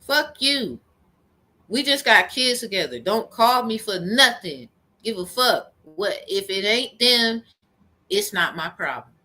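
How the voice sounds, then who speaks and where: A woman's voice: mid-range voice, animated, a little slow, bright, forceful tone. A woman telling a rambling, profane story in a heated personal rant to camera. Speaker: vlogger.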